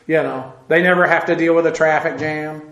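High, bright-voiced male Bible teacher. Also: fairly even intonation, a little fast, creaky, echoey room, dull audio. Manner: explains Greek grammar, spells words out letter by letter; frequent "uh" fillers, self-deprecating asides.

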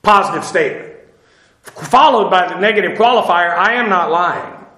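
A man with a high, bright voice teaches through a Bible passage, pausing on Greek terms and spelling them letter by letter. He talks with frequent "uh" fillers and restarts. His voice rings in an echoey room.

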